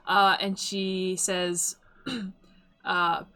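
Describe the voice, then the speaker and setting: A woman's voice: mid-range voice, little pitch movement, extremely slow, sharp tone, smooth. A woman narrating a tabletop game as game master, chatty and loose, with many fillers and laughs.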